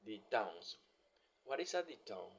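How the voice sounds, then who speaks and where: A man slowly reading out an English pronunciation lesson, one word or phrase at a time. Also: on the low side, very animated. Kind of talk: slow scripted lesson narration.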